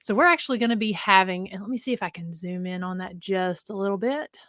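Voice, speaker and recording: A woman co-hosts a live video podcast in easy, rambling chat. She fills her talk with ums and quick laughs. Her voice sits close and dry, with no room around it. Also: mid-range voice, a bit bright, no room sound. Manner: chatty, filler-heavy, laughs easily. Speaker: podcast co-host.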